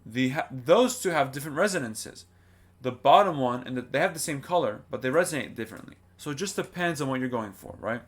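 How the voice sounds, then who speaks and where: A singing teacher gives a vocal lesson to camera, his medium-pitched voice expressive and brisk. He explains things plainly and keeps checking in with rhetorical questions.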